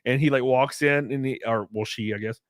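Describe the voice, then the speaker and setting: A man's voice: mid-range voice, steady tone, a little fast, no room sound, studio quality. A man hosting a casual talk stream, recapping a TV episode in a rambling way full of "like" and "um". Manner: rambling, filler-heavy retelling. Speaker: streamer host. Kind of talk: casual podcast chat.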